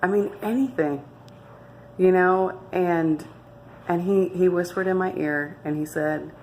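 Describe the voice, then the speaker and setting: A woman's voice: on the low side, a little slow, a little mellow, slight background noise. A young woman earnestly telling her own life story to camera, emphatic and often restarting her sentences. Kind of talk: candid personal testimony.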